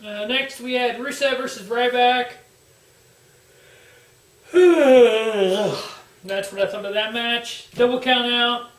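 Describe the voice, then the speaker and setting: A man's voice: extremely high pitch, fairly even intonation, moderate pace, pushed and bright. A man hosting a wrestling review show, giving a blunt, sarcastic casual recap and swearing freely. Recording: roomy echo, distant from mic.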